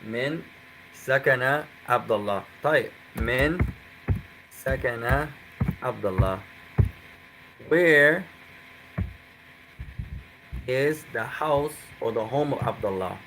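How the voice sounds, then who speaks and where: A man's voice: mid-range voice, lively intonation, moderate pace, creaky, pauses often, noisy background. A man teaching a live online Arabic class, coaxing his students and slipping Arabic phrases into English explanations.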